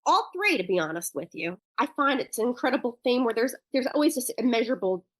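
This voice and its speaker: Animated woman guest, high and lively. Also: fast talker, no room sound. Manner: thoughtful, loose explanations with restarts. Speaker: guest who works with parents. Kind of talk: podcast interview.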